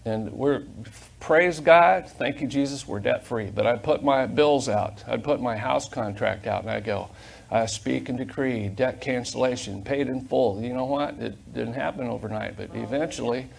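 An older male pastor preaching in a church sanctuary on a corded mic, his voice gravelly with fry. He swings from loud fervent emphasis to soft, confiding asides, and a faint hum of room noise sits behind him. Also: medium pitch, moderate pace. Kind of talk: sermon.

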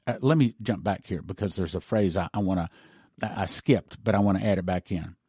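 A male pastor retelling a story in an animated, conversational broadcast sermon. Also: sits low, a little fast, husky, no echo, clean studio sound.

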